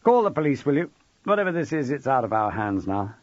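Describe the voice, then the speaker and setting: Man as a wry, soft-spoken older schoolmaster. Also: mid-range voice, very animated, fairly quick, no room sound, dull audio, natural voice. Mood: coaxing. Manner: soft-spoken, dry, coaxing. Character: wry, patient older male head of sixth form.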